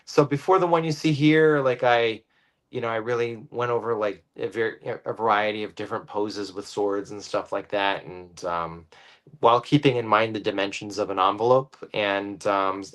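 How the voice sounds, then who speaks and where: Low-voiced man explaining his art, halting. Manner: halting, thinking aloud with many pauses. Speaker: guest comic book artist. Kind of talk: casual explanation of drawing process.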